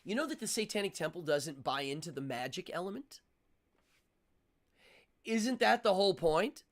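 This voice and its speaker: Male streamer, casual and opinionated, slightly higher voice, rambling delivery. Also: expressive, normal speed. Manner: rambling, opinionated, with frequent fillers and restarts. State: out of breath. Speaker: livestream host. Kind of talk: casual livestream chat.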